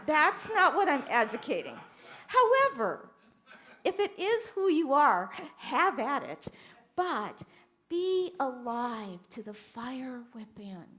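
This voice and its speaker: An older woman minister preaches a sermon, telling stories and swinging animatedly between hushed and loud. Her voice sits high.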